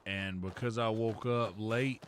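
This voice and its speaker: A man's voice: fairly low pitch, fairly even intonation, unhurried, a little hiss or hum. A man streaming a game and telling a long casual story, rambling with many fillers and restarts. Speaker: streamer and host.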